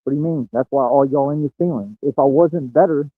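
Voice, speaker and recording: A man's voice: fairly high pitch, fast talker. Brash bragging man on tinny audio. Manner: brash, bragging, laughs at his own lines. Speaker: streamer. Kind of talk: boastful livestream monologue. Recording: tinny phone-like audio, dry.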